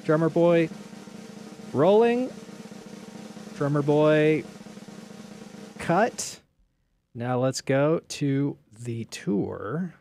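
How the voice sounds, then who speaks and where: Playful radio co-host man, gravelly voice. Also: lively intonation, extremely slow, long pauses, a little mellow, soft background music. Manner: playful, jokey, bursts into high-pitched laughs. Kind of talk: casual studio banter.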